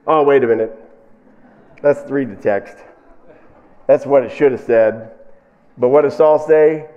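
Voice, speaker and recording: A man preaching a sermon, lively and animated, who acts out the people in the story in raised voices as he reads and explains scripture. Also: medium pitch, a little slow, pauses often, highs cut off. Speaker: pastor.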